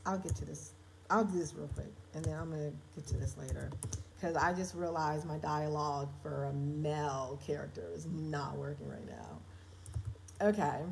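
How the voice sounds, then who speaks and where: A woman's voice: deep voice, animated, moderate pace, gravelly, darkish tone, slight background noise, rough recording. A woman writer chatting on a live stream, reading her draft aloud and correcting herself as she talks straight to her viewers. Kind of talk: casual live-stream chat.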